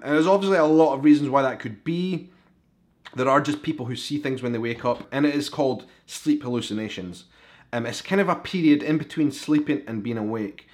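A man from Scotland with an Edinburgh accent, hosting his podcast and telling a personal story in a casual, chatty way. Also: medium pitch. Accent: Scottish, Edinburgh. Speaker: podcast host.

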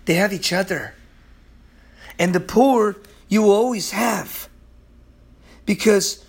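Male preacher, high and animated voice, impassioned, drops to a hush for emphasis. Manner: impassioned and emphatic, swinging from loud to hushed; repeats phrases for emphasis. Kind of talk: sermon.

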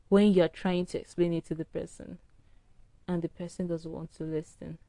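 A woman's voice: fairly low pitch, little pitch movement, moderate pace, mellow, no room sound. Tired, chatty woman podcast host. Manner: chatty, rambling, frank. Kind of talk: casual solo rant. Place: indoors at home early morning.

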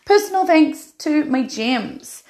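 A woman's voice: sits high, animated, slow, dark tone, slight background noise. A woman hosting a podcast, chatty and upbeat, saying "like" often. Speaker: podcast host. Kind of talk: casual chat. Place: bath.

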